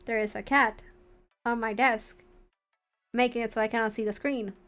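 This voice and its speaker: A woman's voice: on the high side, steady tone, moderate pace, fairly bright tone, faint music behind. Flustered joking young woman streamer. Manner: flustered, joking, bursts of laughter. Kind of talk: live-streamed game reactions.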